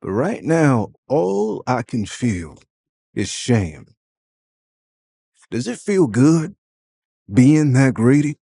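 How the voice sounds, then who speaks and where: A man's voice: mid-range voice, very animated, very slow, gravelly, pauses often, mellow, breathy edge, dry recording, studio quality, pitched above the performer's own voice, exaggerated voice. A man voicing a stern, disappointed middle-aged father who scolds his son in an audio drama. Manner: firm, scolding.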